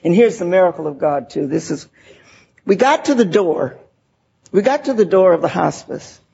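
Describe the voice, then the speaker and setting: A woman's voice: fairly low pitch, animated, moderate pace, creaky, mellow, husky, lo-fi sound. An older woman giving a heartfelt, laughing personal share at a recovery meeting, full of "you know" asides.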